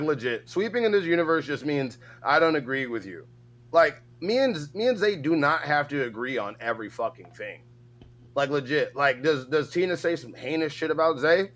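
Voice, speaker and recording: A man's voice: on the high side, sing-song, normal speed, fairly bright tone. A man co-hosting a show, chatting loosely and joking with lots of filler words. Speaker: podcast co-host. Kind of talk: casual chat commentary.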